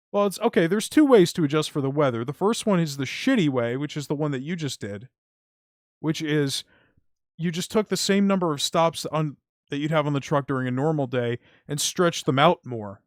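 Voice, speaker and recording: Over a streaming mic, a young man rants casually but heatedly about his delivery job, swearing often. His voice is on the high side and brisk, and the sound is clean and studio-like with no echo.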